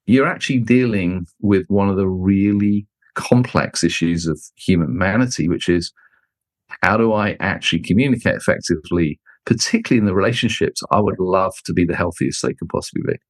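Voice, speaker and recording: A man's voice: a little fast, no room sound. A middle-aged man telling stories as a guest, acting out the people he quotes. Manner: expressive, acts out quoted people with jumps in pitch. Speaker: guest, leadership author and speaker. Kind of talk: animated storytelling in conversation.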